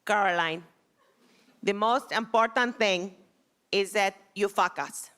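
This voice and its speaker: A woman voicing a male Kabbalah teacher from Israel, earnest and instructive, speaking low and slow with a heavy put-on Israeli accent. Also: bright, forceful tone, slight background noise, heavily acted.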